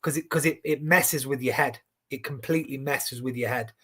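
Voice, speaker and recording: A man in his forties, an animated storyteller who swears freely and restarts his sentences often, chatting casually on a boxing stream. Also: medium pitch, a little fast, husky. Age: 40s. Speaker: boxing watchalong co-host. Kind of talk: casual chat.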